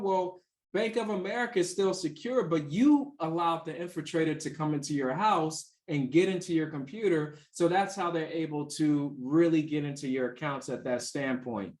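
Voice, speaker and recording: A man's voice: a little high, normal speed, darkish tone, reverberant. A man who teaches cybersecurity, explaining casually with stories, fillers and restarts. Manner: chatty, anecdotal, many fillers and restarts. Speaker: cybersecurity instructor. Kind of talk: casual explanation answering questions.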